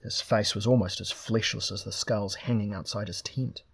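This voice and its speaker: A man reading a fantasy novel aloud as steady, scripted narration. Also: lowish voice, moderate pace, creaky, breathy edge. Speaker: audiobook reader.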